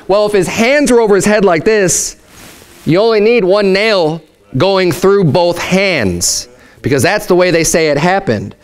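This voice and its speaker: Male pastor with a high voice, emphatic, animated sermon delivery. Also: moderate pace, smooth. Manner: animated, emphatic preaching, acts out quotes.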